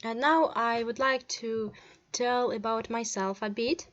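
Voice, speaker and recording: A woman's voice: a little high, unhurried, fairly bright tone, muffled recording. A young woman from Russia with a Russian accent, teaching a language lesson in English, reading words aloud one by one with short glosses and hesitant fillers. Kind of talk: slow online language lesson.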